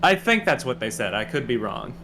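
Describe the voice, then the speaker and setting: A man's voice: medium pitch, big pitch swings, fairly quick, sharp tone. Easygoing male co-streamer, noisy mic. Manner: laughs often, hedging and easygoing. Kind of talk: casual gaming commentary.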